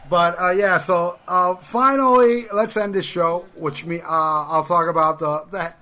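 A man's voice: high-pitched, steady tone, measured pace, bright, forceful tone. A man co-hosting a podcast, telling long casual anecdotes with restarts and swearing. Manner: rambling anecdotes with restarts and profanity. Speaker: podcast co-host. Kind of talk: casual chat, storytelling.

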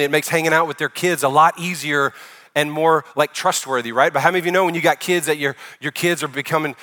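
Bright-voiced male pastor preaching. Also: a little high. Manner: conversational preaching, rising loud for emphasis then dropping soft. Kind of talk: sermon.

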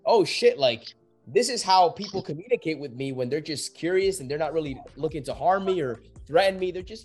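A man's voice: a little high, animated, fairly quick, a little mellow, faint music behind. A young man, a real estate agent, talking casually and acting out both sides of sales calls, swearing freely. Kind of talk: casual podcast talk, explaining sales calls.

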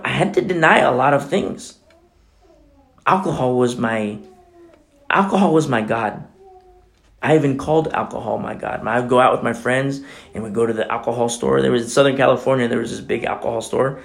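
A middle-aged man preaching a sermon as pastor, swinging between loud exclamations and hushed, near-whispered prayers. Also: mid-range voice, brisk, creaky.

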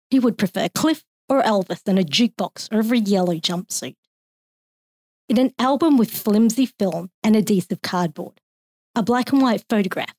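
A woman with an Australian accent reading her own poem aloud in a measured, expressive way. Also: mid-range voice, no room sound, studio quality.

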